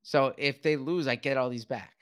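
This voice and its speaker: A man's voice: medium pitch, moderate pace, smooth. A man in casual podcast chat, hesitant, stammering and restarting his sentences.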